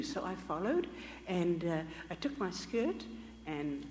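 A woman's voice: on the low side, big pitch swings, a little slow, darkish tone, a little hiss or hum. An older woman telling a missionary testimony as a sermon, storytelling vividly and acting out the voices she quotes. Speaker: missionary speaker. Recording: echoey hall with long reverb.

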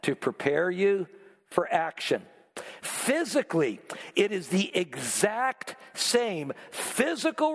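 A man preaching a sermon as a pastor, animated and acting out his listeners' reactions. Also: high voice, long reverb tail.

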